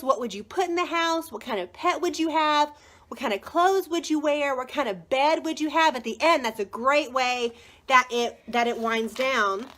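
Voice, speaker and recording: Bubbly high-voiced woman gushing on a live video. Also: bright, forceful tone. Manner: bubbly, gushing, greets viewers by name. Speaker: book seller hosting a live video. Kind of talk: chatty live product showcase.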